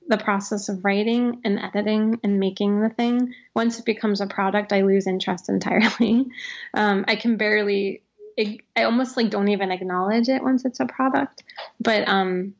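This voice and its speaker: Author guest, woman in her thirties; fry-heavy, rambling and warm-hearted candor, lo-fi audio. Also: medium pitch. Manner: heavy use of "like", frequent restarts, laughs often. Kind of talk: reflective interview conversation.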